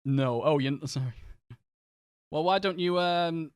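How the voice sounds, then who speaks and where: A man's voice: a little high, clean tone, no room sound. Dry, chatty Northern English man. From England. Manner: chatty, rambling, quick to laugh and swear. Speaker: streamer. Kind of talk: casual live-stream chat while gaming.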